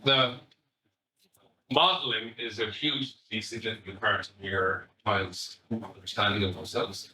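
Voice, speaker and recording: A man's voice: lowish voice, a little slow, distant mic. Irish man speaking in an echoey hall. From Ireland. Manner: conversational, animated, swears casually. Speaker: family psychotherapist giving a talk. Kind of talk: lively public talk.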